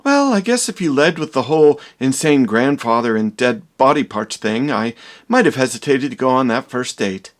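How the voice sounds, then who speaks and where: A man voicing a young woman fiancée in a sing-song falsetto, sweet but shallow. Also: animated, moderate pace, natural voice. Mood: teasing.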